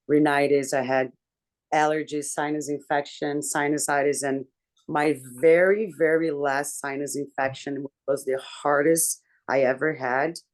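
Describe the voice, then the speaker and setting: Candid woman telling a personal story. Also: rumbling low. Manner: emotional, candid storytelling with casual swearing; talks in halting restarts and fillers. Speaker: book club member.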